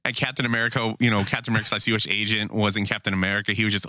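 Brief: male co-host with a low, bright voice, swearing freely in animated banter. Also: no room sound, clean studio sound. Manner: profane, animated, quick to act out quotes. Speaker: podcast co-host. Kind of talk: casual chat.

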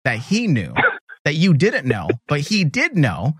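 A man's voice: on the high side, huge pitch swings, unhurried, fairly bright tone, slightly rough, no echo, clean studio sound. A man hosting a comedic call-in show, joking and rambling as he talks to callers. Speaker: show host. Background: faint music.

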